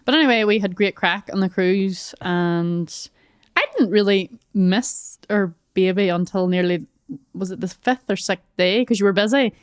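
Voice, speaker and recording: A woman co-hosting a podcast, telling a lively story in casual chat and acting out what people said. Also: medium pitch, normal speed, clear, resonant tone, no echo, studio quality. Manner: lively storyteller, acts out quoted dialogue. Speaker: podcast co-host.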